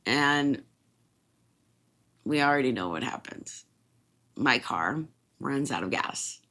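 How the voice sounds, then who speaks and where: A woman in her twenties, a podcast host from Illinois, telling a story in a casual, animated way, laughing and swearing freely. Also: extremely low pitch, slow pace.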